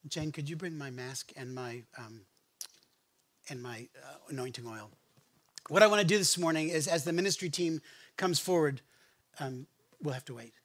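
A male pastor delivers his sermon like he's telling a story to friends. His voice sits a little on the high side, and he often repeats or restarts a word as he goes. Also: normal speed, long pauses, fairly bright tone. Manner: storytelling, conversational with many restarts. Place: church sanctuary.

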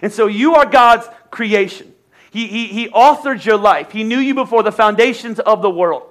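A man's voice: sits high, moderate pace, a bit bright. An American man preaching a sermon as a pastor, conversational and joking, with repeated phrases. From United States.

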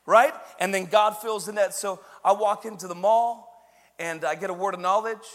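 A pastor preaching a sermon and telling stories, energetic, moving from quiet asides to loud emphasis. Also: male voice, high voice, moderate pace, big-room sound. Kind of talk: sermon with storytelling.

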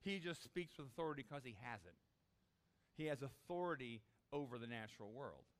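A man preaching a sermon, animated, acting out the disciples' desperate cries. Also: medium pitch, fairly quick. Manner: animated, acts out voices of the disciples. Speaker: pastor.

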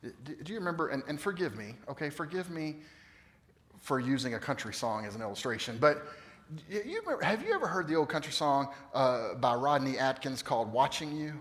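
Animated fifty-something preacher in a hall. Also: male voice, medium pitch, a little fast. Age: 50s. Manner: animated storytelling, swings from loud to hushed. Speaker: pastor. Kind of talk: sermon. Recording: long reverb of a large hall.

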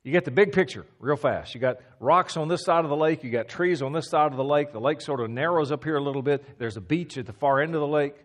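A man's voice: fast, few pauses. Man preaching an emphatic teaching sermon. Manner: emphatic, repeats key phrases, drops to a low hush for stress.

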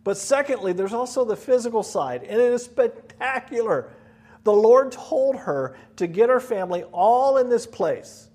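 A man preaching a sermon as pastor, animated and storytelling, acting out voices. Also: very high-pitched, normal speed.

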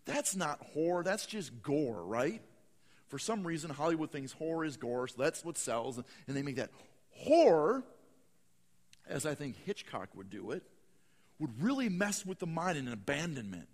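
A man preaching a sermon, swinging from hushed, slow lines to loud, dramatic bursts. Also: on the high side, sing-song, in a large hall. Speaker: pastor.

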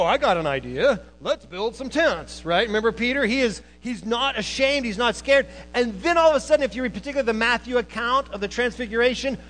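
A man preaching a sermon to a church, animated, moving between loud emphasis and quiet asides, who also teaches college students. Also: very high-pitched, low-quality recording.

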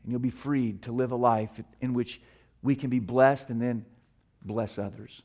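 Preaching in a church sanctuary, an American male pastor keeps a steady tone as he moves from soft, low passages to loud, emphatic peaks. He slows down to draw out the scripture quotes.

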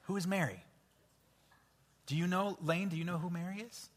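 A man leading an interactive children's Bible story in church, playful and coaxing as he cues the kids to shout sound effects. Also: high voice, normal speed. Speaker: children's pastor. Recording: hall reverb with faint music.

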